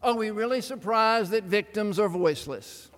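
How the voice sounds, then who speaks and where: A man preaching a sermon in an animated, dramatic way, with wry humorous asides. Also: high voice, moderate pace. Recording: long reverb of a large hall.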